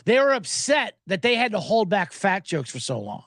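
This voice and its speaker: A man's voice: high voice, big pitch swings, moderate pace, fairly bright tone, no echo, clean studio sound. A man hosting a sports betting podcast, riffing sarcastically and profanely while reading viewer comments aloud.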